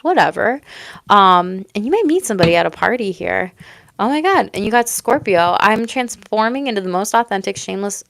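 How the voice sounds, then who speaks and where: A woman giving a live tarot reading to her chat. She talks casually, gushes and laughs often, and swears freely. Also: medium pitch. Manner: excitable, gushing, laughs often. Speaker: tarot reader.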